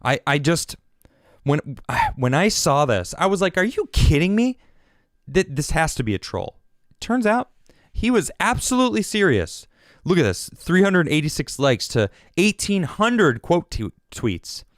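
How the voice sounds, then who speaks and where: A man's voice: on the high side, unhurried, no room sound, clean studio sound. Exasperated ranting male podcast host. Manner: animated, exasperated, restarts often. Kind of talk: ranting political commentary.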